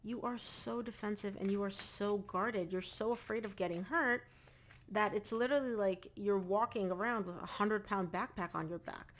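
A woman's voice: medium pitch, normal speed. A woman giving a casual tarot reading to camera, talking straight to the viewer and repeating phrases for emphasis. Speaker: tarot reader.

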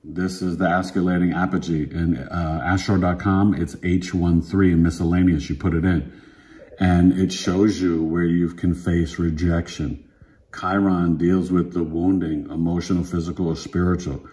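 Astrologer, man, 50s, low voice; punchy slangy monologue, repeats himself for emphasis. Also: little pitch movement, moderate pace, warm tone. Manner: emphatic, repetitive, street slang. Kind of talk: casual direct-to-camera monologue.

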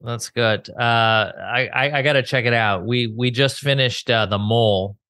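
A man's voice: medium pitch, unhurried, bright, forceful tone, no room sound, studio quality. A man co-hosting a podcast, musing in an easygoing way and thinking aloud with fillers. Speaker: podcast co-host. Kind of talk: casual podcast chat.

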